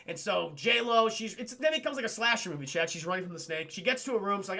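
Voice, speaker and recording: Animated swearing streamer with a high, gravelly voice. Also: male voice, quick pace. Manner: animated, swearing, acts out characters in goofy voices. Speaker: streamer reviewing a film. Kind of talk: profane live-stream movie recap.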